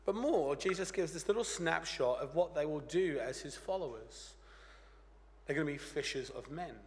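A pastor with a croaky voice from a cold, preaching an earnest, plain-spoken sermon with light humor. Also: male voice, fairly high pitch, animated, normal speed. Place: church. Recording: church hall reverb.

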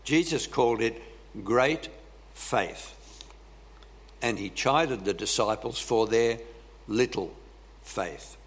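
A male preacher delivers a sermon at a slow, unhurried pace. He leans on dramatic pauses and often clears his throat. His pitch sits in an ordinary middle range for a man.

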